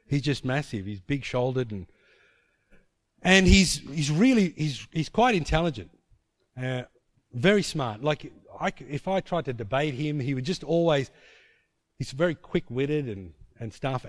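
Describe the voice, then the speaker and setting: A man preaches a sermon, turning a personal story into lively scenes and often restarting his sentences. His voice sits at an ordinary middle pitch. The sound is dry and close, with no room echo. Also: normal speed. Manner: animated, tells the story in vivid scenes with many restarts.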